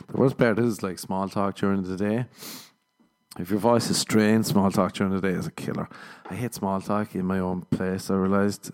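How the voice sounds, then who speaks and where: A man's voice: sits low, steady tone, moderate pace, a little mellow. A man, a comedian rambling casually on his podcast, self-mocking and swearing a lot. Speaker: podcast host. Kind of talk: casual solo podcast chat.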